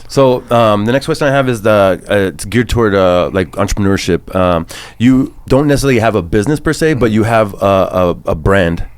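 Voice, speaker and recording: A man's voice: fairly low pitch, expressive, brisk, few pauses, smooth, no echo. A man hosting a casual podcast, rambling with lots of "you know what I mean" as he talks. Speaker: podcast host.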